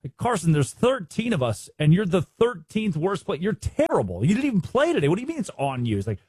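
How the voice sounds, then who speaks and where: A man hosting a sports talk show, giving animated, opinionated commentary and mocking the people he talks about. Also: high voice, brisk, hardly any pauses, slightly rough, dry recording. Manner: animated, mocking impressions of others.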